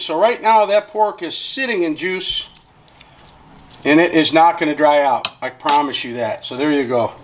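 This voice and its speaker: A man with a notably high voice hosts a casual home cooking show. He talks straight to his viewers in a chatty, upbeat way as he walks them through the steps. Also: a bit bright.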